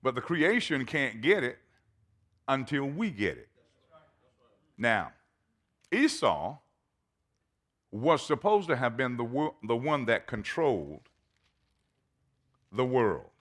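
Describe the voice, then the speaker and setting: A man's voice: medium pitch, sing-song, takes it slowly, pauses often, fairly bright tone. A man, a pastor, preaching a sermon and reading scripture aloud with dramatic emphasis. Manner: reads scripture aloud in old-fashioned wording.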